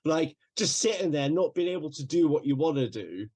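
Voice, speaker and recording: Laughing man with lively pitch. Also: brisk. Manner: laughs a lot, trails off quietly. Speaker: podcast co-host. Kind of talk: casual chat.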